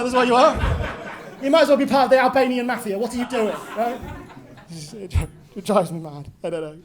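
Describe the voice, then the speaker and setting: A woman in her twenties doing a sweary stand-up set in a pub, ranting and tagging lines with "right?". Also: medium pitch. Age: 20s. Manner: swearing, ranting, tag questions. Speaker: stand-up comedian. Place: pub venue.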